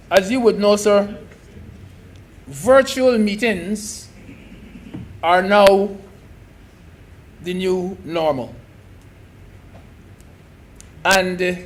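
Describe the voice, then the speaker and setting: A man giving an emphatic speech in a senate debate, repeating key phrases and addressing the chair as sir. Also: sits high.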